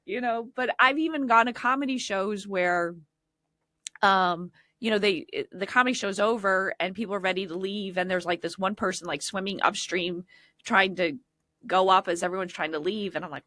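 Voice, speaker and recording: A woman co-hosting a casual podcast chat, rambling through stories and laughing often and loudly. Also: mid-range voice, normal speed, no room sound, clean studio sound. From Connecticut, USA. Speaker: podcast co-host.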